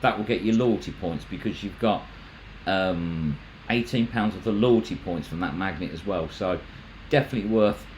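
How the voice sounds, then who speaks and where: A man's voice: sits low, normal speed, a little mellow, a little hiss or hum, poor audio. A man hosting a casual livestream, chatting in a rambling way, restarting his sentences and reading out viewer comments. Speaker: magnet fishing channel host.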